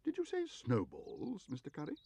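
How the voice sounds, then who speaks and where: A polite, earnest young bear answers with careful courtesy, as a man voices him. The voice is lifted a little above the reader's own, with a gravelly edge. It is told as a storybook read aloud. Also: high voice, huge pitch swings, normal speed, dark tone, pitched above the performer's own voice, heavily acted.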